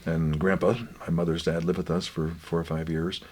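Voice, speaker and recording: Low husky older man telling stories. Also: little pitch movement. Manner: gentle, unhurried, trails into quiet. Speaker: guest author. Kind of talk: reflective family storytelling.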